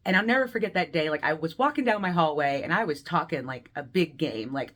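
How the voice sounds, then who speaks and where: A woman of around forty on a video call, telling a deeply personal story and acting out the voices in it, moving between laughter and quiet grief. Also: animated, fast, hardly any pauses. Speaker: guest speaker sharing a personal story.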